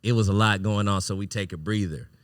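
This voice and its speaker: A man hosting a podcast, telling a wild personal story in a casual, animated, profane way, often breaking into laughter. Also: on the low side, fast talker, no echo, clean studio sound. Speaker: podcast host.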